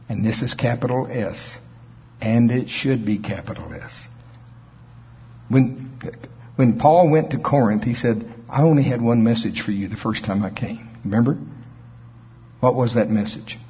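A man preaching a sermon in a folksy, animated way, acting out scripture scenes in different voices. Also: mid-range voice, moderate pace, breathy edge. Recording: dull lo-fi recording.

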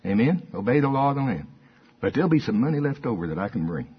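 This older male pastor speaks quickly at a medium pitch, his breathy voice swinging widely up and down. Preaching in church in a folksy, chatty style, he repeats his points and gets call-and-response going with the congregation. The sermon was captured on a dull, lo-fi recording.

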